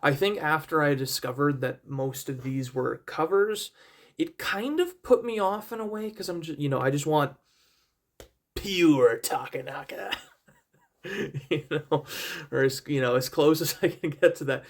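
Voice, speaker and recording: A man's voice: fairly high pitch, a little slow. A young man casually reviewing an album, rambling and self-deprecating, with many fillers and restarts and repeated praise. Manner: enthusiastic, repeats praise words.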